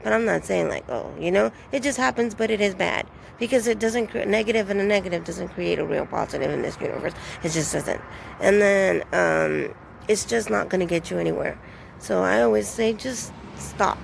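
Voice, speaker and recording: A woman's voice: mid-range voice, a little fast, vocal fry, slight background noise. A woman rambling through a casual vlog outdoors, telling her story in a chatty way with lots of fillers. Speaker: vlogger.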